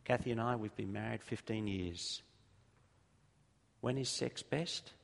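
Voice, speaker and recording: A middle-aged Australian man preaching a sermon, telling stories and repeating phrases for emphasis, slowing down on key points. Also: fairly low pitch, creaky. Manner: storytelling, emphatic repetition, slows down for key points. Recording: long reverb of a large hall.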